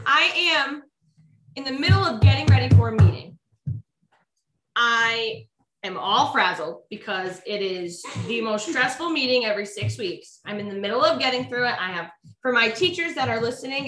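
A woman, a teacher and podcast guest, chatting and telling stories in an animated way. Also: a little high, moderate pace. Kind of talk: casual podcast chat. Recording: roomy echo.

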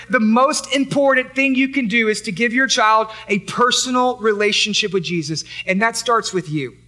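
High, bright-voiced preaching man. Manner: emphatic, repetitive preaching with rhetorical questions. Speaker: pastor. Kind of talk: sermon.

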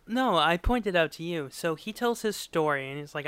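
Bright, animated male podcast host. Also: a little high, normal speed, few pauses, clean tone, no room sound. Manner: animated storyteller, acts out quotes, laughs often. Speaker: podcast co-host recapping a sitcom. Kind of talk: casual chat.

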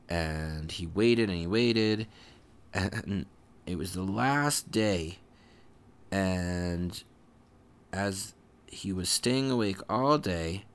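A man improvising a bedtime story for his kids in a meandering way, with restarts and dramatic slowdowns. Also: sits low, clear, resonant tone. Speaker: father telling a bedtime story.

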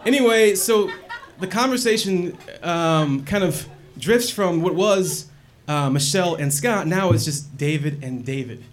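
A man telling a personal story in a wry, animated and profane way. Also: high-pitched, measured pace, a little hiss or hum. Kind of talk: personal story told to an audience.

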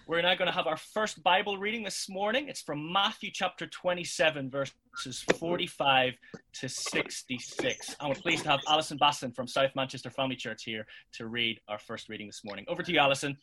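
A man's voice: fairly high pitch, fairly quick, background noise. An upbeat man leading an online church service, chatty with a few ums. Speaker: service leader.

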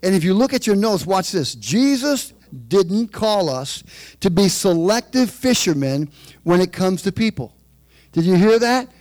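A man preaching a sermon, calling for amens from the congregation and dropping into quiet asides. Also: high-pitched. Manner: preaching with call-and-response, switches between quiet asides and raised emphasis. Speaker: pastor.

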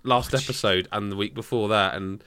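A man's voice: fairly low pitch, normal speed, fairly bright tone, clear, resonant tone. A man hosting a podcast in a casual, joking chat, reading out rankings. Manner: joking, reads out food rankings. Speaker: podcast host.

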